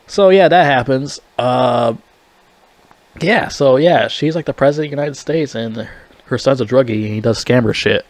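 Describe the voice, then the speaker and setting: A man's voice: medium pitch, moderate pace, dry recording. A young man giving a casual movie review, rambling, blunt and full of swearing. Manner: rambling, heavily profane, blunt.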